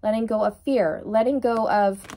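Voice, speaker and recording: A woman's voice: fairly high pitch, steady tone, normal speed, dark tone. Giggly chatty woman reading tarot. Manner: giggly, bursts into laughter; chatty, addresses viewers directly. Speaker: tarot reader. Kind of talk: casual tarot reading to camera.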